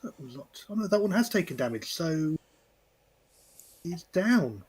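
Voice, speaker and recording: A husky woman runs a tabletop game on stream, narrating the action and sorting out rules. Her voice swings widely in pitch as she talks. She laughs a lot and stumbles over repeated words. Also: very animated, unhurried, darkish tone. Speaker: game master.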